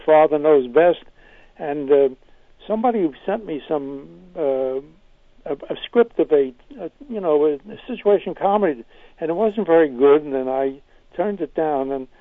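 Older male guest, wry and halting, somewhat high voice, dry tinny phone sound. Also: no echo. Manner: hesitant restarts, wry. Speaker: guest, comedy writer. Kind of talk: interview answers, storytelling.

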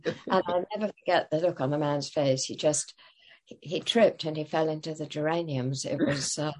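A woman's voice: deep voice, fairly even intonation, moderate pace, darkish tone. An older woman telling stories as an interview guest, hesitant, with many fillers and restarts. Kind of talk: casual interview storytelling.

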